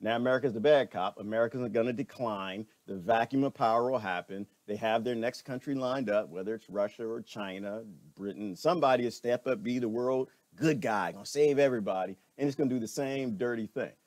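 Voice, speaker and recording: A middle-aged man giving a preachy, animated monologue as a vlogger, laughing often and repeating himself. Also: mid-range voice, brisk, few pauses, dry recording. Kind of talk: ranting commentary monologue.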